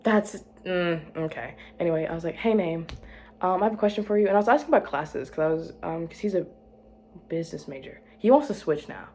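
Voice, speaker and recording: A woman's voice: fairly low pitch, expressive, a little fast, darkish tone, slight background noise. A young woman telling a rambling personal story in casual chat, correcting herself and laughing as she goes. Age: young adult. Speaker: vlogger.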